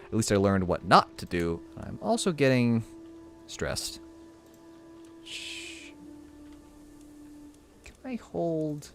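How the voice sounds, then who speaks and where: A man giving casual live commentary while streaming a strategy game, thinking out loud and reading the game's text aloud. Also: medium pitch, wildly swooping pitch, slow pace, gravelly, long pauses, faint music behind.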